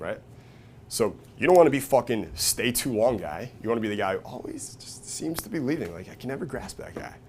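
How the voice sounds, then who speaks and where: A man giving a casual, profane seminar talk to a live audience, often checking in with "right?" and "okay?" and acting out quoted people with sudden loud, high bursts. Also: slight background noise. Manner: acts out quoted voices with big jumps in pitch and volume. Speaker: seminar speaker.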